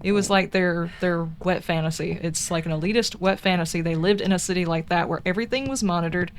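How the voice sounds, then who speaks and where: A woman's voice: on the low side, quick pace, slight background noise. A woman with a Southern American accent, chatting casually and rambling through tangents while streaming a game. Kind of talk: casual chat while gaming.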